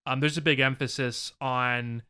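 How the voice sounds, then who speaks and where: Bright, smooth-voiced man chatting. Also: mid-range voice, steady tone, unhurried. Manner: rambling, frequent ums. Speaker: podcast co-host. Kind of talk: casual chat.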